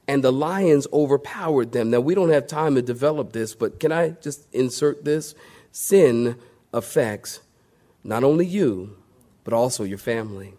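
A male pastor preaching a sermon to a congregation, swinging between loud emphatic highs and hushed lows and calling for amens. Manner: call-and-response with the congregation.

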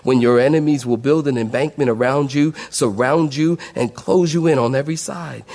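Emphatic preaching man, fairly high voice. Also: a little mellow. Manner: emphatic preaching, rising and dropping sharply, addressing the congregation. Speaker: pastor. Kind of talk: sermon.

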